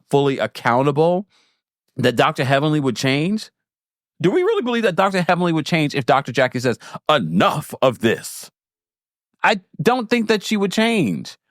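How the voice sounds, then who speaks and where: Lively, chatty man recapping. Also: medium pitch, dry recording, studio quality. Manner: chatty, animated, with laughs and self-corrections. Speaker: show host recapping a reality series. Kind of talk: casual live recap chat.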